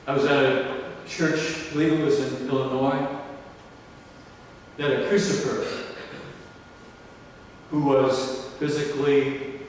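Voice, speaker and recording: An older male pastor delivering a slow, emphatic sermon, his voice rising on exclamations. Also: mid-range voice, level tone, a little hiss or hum. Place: large church or banquet hall. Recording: distant, echoey hall recording.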